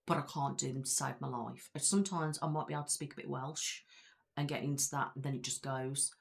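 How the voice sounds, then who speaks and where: With a Belfast accent, a Northern Irish ASMR creator chats loosely to her live stream audience, wandering on with plenty of fillers. Her voice is extremely low, steady, and gravelly, and she talks briskly.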